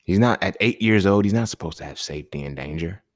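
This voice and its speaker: A man's voice: low voice, animated, quick pace, dry recording, studio quality. A man hosting a podcast, talking in a casual, emphatic monologue full of slang and repeated points. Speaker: podcast host.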